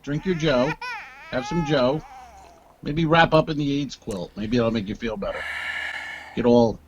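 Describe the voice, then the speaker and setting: Male comedy podcast co-host, sarcastic and teasing, middling pitch, dull lo-fi line. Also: measured pace, noisy background. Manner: teasing, sarcastic, laughs often. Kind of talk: casual comedic banter.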